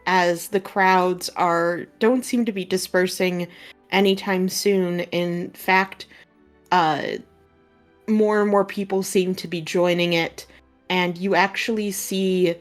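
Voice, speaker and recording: Woman game master, lowish voice, slow deliberate pacing, filler-heavy narration.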